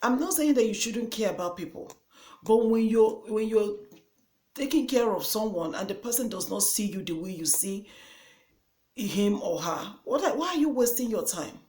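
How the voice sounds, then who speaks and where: A woman's voice: mid-range voice, lively intonation, moderate pace, darkish tone. Woman with Nigerian English accent, echoey room. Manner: earnest, preachy, repeats herself for emphasis. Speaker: vlogger. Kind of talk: motivational vlog talk.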